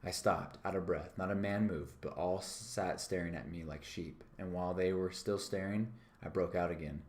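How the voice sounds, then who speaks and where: A man, a teacher, reading a novel aloud live, pausing now and then to correct himself. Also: low-pitched, fairly even intonation, darkish tone. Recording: echoey room.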